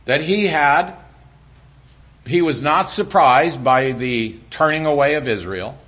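Animated man preaching a sermon. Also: fairly high pitch. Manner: animated preaching, drops to a quiet voice for God's lines. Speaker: pastor.

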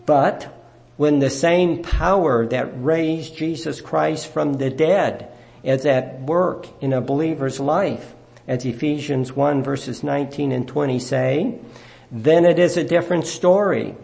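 A man preaching a sermon, explaining scripture in a measured, earnest teaching manner. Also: fairly high pitch, vocal fry, a little mellow.

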